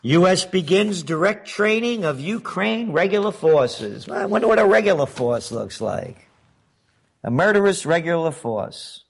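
Male commentary host, slightly high-pitched, slow and deliberate, sarcastic and emphatic. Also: expressive, vocal fry, slightly rough. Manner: sarcastic, emphatic, rhetorical questions. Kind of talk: political opinion monologue.

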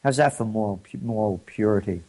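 A man's voice: fairly low pitch, a little fast, darkish tone. A man hosting an opinion commentary, indignant and mocking, his voice rising when he gets riled. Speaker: host.

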